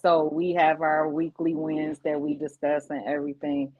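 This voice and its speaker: A woman's voice: deep voice, normal speed, dry recording. A woman guest on a live-stream interview, telling heartfelt stories and acting out what others said. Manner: emotional storytelling, animated quoting of others. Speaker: guest, founder of inclusion nonprofit. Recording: dull lo-fi stream audio.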